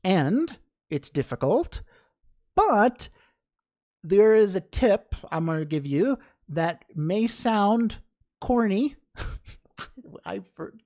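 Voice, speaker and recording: A woman's voice: mid-range voice, very animated, extremely slow, pauses often, a little mellow. A woman teaching a meditation class in a casual, chatty way, laughing often and acting out the inner voices of her students.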